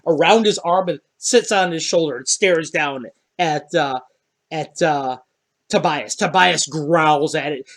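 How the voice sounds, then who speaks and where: A game master running a tabletop fantasy session. He is a man with a slightly higher voice who narrates each scene in a casual, vivid way for his players.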